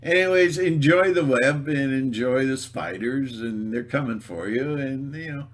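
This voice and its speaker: Slow, rambling theatrical man. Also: mid-range voice. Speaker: video blogger. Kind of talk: rambling monologue.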